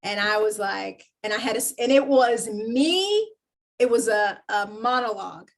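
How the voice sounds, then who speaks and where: Animated woman telling showbiz stories. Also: a little high, moderate pace. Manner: animated storyteller acting out quoted lines. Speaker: actor guest. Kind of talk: casual interview chat.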